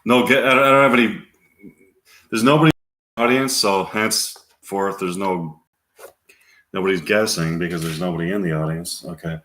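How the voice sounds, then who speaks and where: A man's voice: low voice, normal speed, long pauses, fairly bright tone. A man rambling and swearing to himself while working through a solo movie-scene game. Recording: roomy echo.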